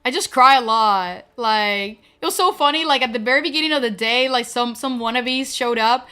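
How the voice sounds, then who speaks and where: Her voice sits on the high side, sharp yet clear and resonant, at a moderate pace. This young adult woman streamer is tearful and near crying as she gushes to her viewers in an emotional, casual chat packed with fillers.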